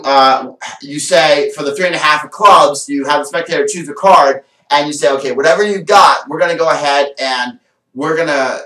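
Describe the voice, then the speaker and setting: An enthusiastic man presents a card trick with stage patter and then chats about it at length. His voice sits a little high. He sounds a bit away from the mic, in a room with a noticeable echo. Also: pushed and bright, distant mic. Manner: enthusiastic, rambling, showman patter. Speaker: magician. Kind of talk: performing a card trick then casual vlog chat.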